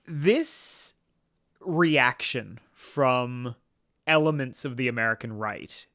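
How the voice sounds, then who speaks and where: A man hosting a political podcast, talking in an earnest, halting way with many restarts and fillers. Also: medium pitch, lively intonation, bright, forceful tone, dry recording, clean studio sound. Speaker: podcast host.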